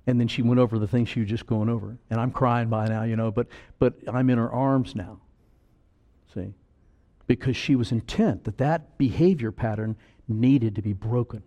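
Man preaching a sermon, earnest, drags out key words then suddenly shouts them. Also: medium pitch, steady tone, normal speed, highs cut off.

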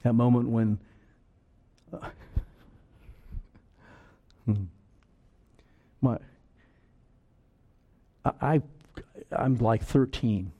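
Preaching man with sudden loud bursts. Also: mid-range voice, creaky. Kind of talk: sermon.

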